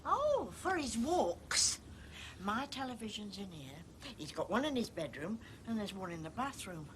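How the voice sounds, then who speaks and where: A woman's voice: medium pitch, big pitch swings, a little slow, a little hiss or hum. An actress playing a chatty, guileless mother who rambles on while the police ask questions, in a television police drama. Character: vague, chatty older mother, house-proud.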